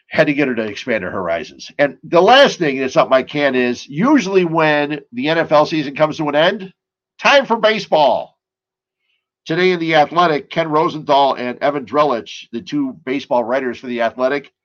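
A man's voice: medium pitch, fairly bright tone, highs cut off. A man hosting a casual sports and beer talk show, rambling and chatty, full of asides and stories.

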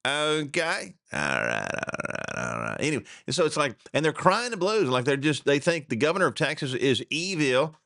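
A man's voice: a little high, moderate pace, vocal fry, few pauses, no room sound, clean studio sound. A middle-aged man hosting a radio talk show, ranting in a casual, chuckling way. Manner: animated, ranting, chuckling asides.

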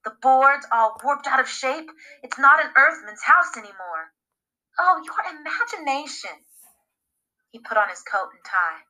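Woman narrator, story reading, bright tone, slightly high pitch, expressive. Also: normal speed, few pauses, poor audio. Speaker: podcast reader.

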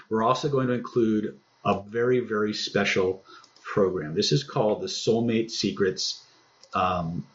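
Man, self-help presenter, low voice, salesy course pitch, muffled lo-fi audio. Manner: fast salesy delivery with many fillers and restarts.

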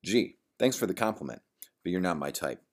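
A man's voice: sits low, lively intonation, brisk. A man playing a cocky young brawler. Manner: cocky, threatening. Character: tough young man spoiling for a fight.

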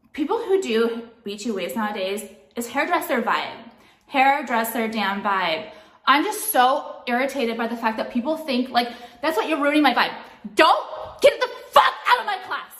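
A woman makeup vlogger, her high voice a bit bright, vents from home in an echoey room. Exasperated and swearing, she delivers a ranting monologue with "like" in nearly every sentence.

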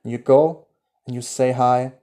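German guy doing a solo motivation podcast, mellow warm voice, excited, swears a lot, gets quiet and dreamy. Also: medium pitch, moderate pace. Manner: enthusiastic, swears casually, drops to a hushed voice while visualizing. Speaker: podcast host. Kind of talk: motivational monologue with guided visualization.

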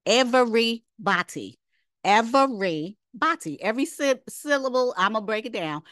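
A Bible teacher with a slightly high, expressive, somewhat bright voice leads an informal lesson at a measured pace. She's emphatic and conversational, restating her points as rhetorical questions and slipping into casual asides. The recording is clean studio sound with no room noise.

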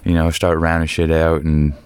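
A young man hosting his own podcast alone, rambling through a casual story full of swearing, with sudden loud bursts. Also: extremely low pitch, completely flat delivery, normal speed, clear, resonant tone. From Canada. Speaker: podcast host. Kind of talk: casual solo podcast monologue.

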